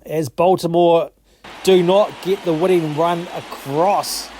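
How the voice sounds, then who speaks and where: A high-voiced man calls the action of his video game like a broadcaster, swearing freely and getting worked up over every play. A steady hum of background noise sits under his voice. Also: slow pace. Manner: excitable, sweary, jokey. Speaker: gaming channel host.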